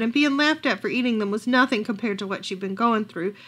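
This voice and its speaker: A woman reading a picture book aloud at a library storytime, expressive and lively. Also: fairly high pitch, fast talker, hardly any pauses.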